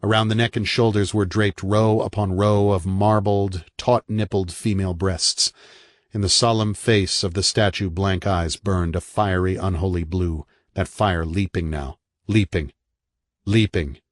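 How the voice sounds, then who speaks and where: A man with a very low voice narrates a horror audiobook in a dramatic, measured way. The recording is dry and close. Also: steady tone, dry recording.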